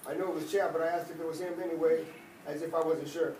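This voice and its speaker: A man's voice: a little high, quick pace, a little hiss or hum. Man reading a memoir in an echoey room. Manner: lively, conversational storytelling. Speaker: reader. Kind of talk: first-person memoir reading. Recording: echoey room, mic at a distance.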